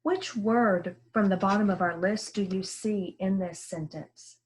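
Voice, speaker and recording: This woman speaks as a classroom teacher recording a reading lesson. Her delivery is unhurried and patient, with every word pronounced carefully and repeated for small learners. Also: medium pitch. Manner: slow, careful, sounding words out clearly. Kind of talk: early-grade reading lesson.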